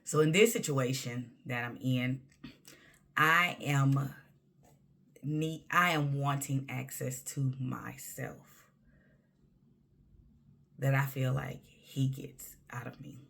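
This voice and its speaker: A woman's voice: a bass voice, steady tone, takes it slowly, gravelly, pauses often, fairly bright tone. A woman talking candidly to camera in a personal monologue, emphatic and conversational, sometimes dropping to a near-whisper. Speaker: vlogger.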